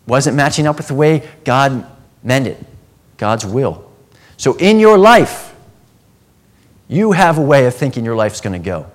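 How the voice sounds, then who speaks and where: A man preaching a sermon, earnest, dropping to a hushed tone and then rising to emphatic passages. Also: medium pitch.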